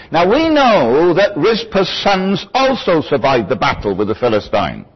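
Lively, husky-voiced man teaching scripture. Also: on the high side. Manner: thoughtful, digressive, lecturing with asides. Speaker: Bible teacher. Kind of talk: verse-by-verse Bible teaching. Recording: dull lo-fi recording.

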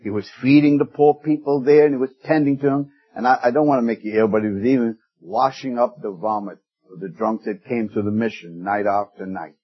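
A man preaching a sermon, telling stories in a folksy way, pushing up for emphasis and dropping soft for quoted words. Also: medium pitch, fairly even intonation, fairly quick, husky, dull audio. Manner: folksy storytelling with rising emphasis and hushed quoted lines.

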